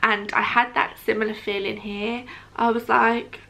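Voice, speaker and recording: Young woman vlogging a story, chatty w lots of ums, bright voice a bit high. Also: level tone, a little slow, creaky. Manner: chatty, frequent ums, relives moments by quoting others. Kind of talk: casual storytelling to camera.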